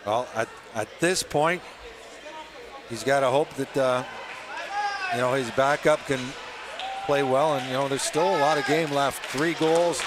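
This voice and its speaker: A man doing color commentary, excitable and stammering through restarts. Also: mid-range voice, unhurried, pauses often. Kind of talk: live sports commentary. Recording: loud arena crowd and noise.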